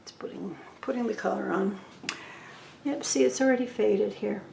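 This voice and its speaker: A woman's voice: medium pitch, moderate pace, creaky, mellow, reverberant, slight background noise, low-quality recording. A woman explaining her painting step by step as she works, thinking aloud and often dropping to a near whisper. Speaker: painting instructor. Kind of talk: casual tutorial narration while painting.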